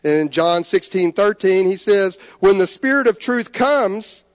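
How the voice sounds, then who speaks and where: A man preaching a sermon in a church sanctuary, earnest, moving between soft pleading and lifted emphasis. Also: high voice, expressive, a little slow, long reverb tail. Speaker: pastor.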